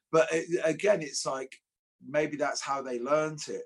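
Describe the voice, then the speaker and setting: A man from England co-hosting a casual martial arts discussion, joking and animated. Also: fairly high pitch, measured pace, husky. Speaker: martial arts show co-host.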